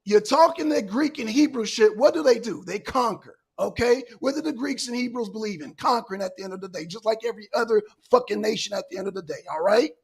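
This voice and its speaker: A man's voice: very high voice, quick pace, gravelly, few pauses, slightly rough. A man hosting a panel debate, profane and angry, talking over his guest. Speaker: show host.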